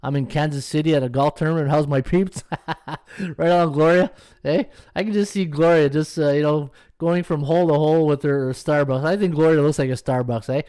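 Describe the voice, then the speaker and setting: A man's voice: a little high, fairly even intonation, a little fast, a little mellow, clear, resonant tone, dry recording. A man hosting a sports betting podcast, chatting casually and greeting viewers by name between picks. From Canada. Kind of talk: casual live-stream chat.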